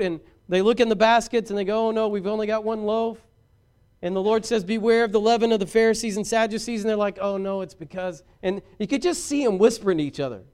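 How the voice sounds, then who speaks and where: A man preaching a sermon as pastor, swinging from shouted points to hushed asides and talking directly to his congregation. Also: sits high, clean tone.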